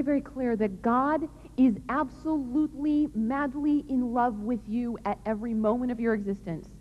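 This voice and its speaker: A woman giving an earnest, emphatic religious talk to young people in a large hall. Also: sits high. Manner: earnest, emphatic, plain-spoken. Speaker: speaker on chastity. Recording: dull lo-fi recording in a reverberant hall.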